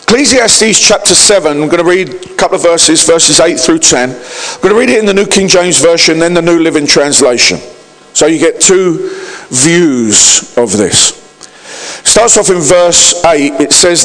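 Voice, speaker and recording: High-voiced pastor preaching in a hall. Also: male voice, animated, unhurried, a bit bright. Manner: preachy, calls out to the congregation for responses. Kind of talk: sermon. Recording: long hall reverb.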